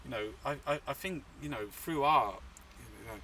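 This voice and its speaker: A man's voice: mid-range voice, normal speed, sharp tone, recorded from a distance, a little hiss or hum. A man from England, an artist and activist, telling stories in a rambling, swearing, casual interview outdoors in a city. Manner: rambling, swearing, full of fillers.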